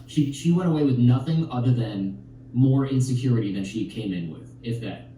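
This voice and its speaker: A man's voice: mid-range voice, normal speed, very echoey, far from the mic, slight background noise, low-quality recording. A man talking on a podcast, telling relationship stories and acting out the lines of other people. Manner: animated storytelling, acts out quotes. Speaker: podcast guest. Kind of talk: podcast conversation.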